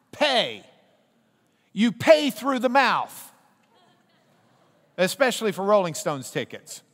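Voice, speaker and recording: A man teaching a Bible class in a big hall, his voice high and full of swings in pitch. He jokes and coaxes his listeners to say the letters back to him. The sound carries a long hall reverb. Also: a bit bright. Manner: playful, coaxing a class to repeat letters.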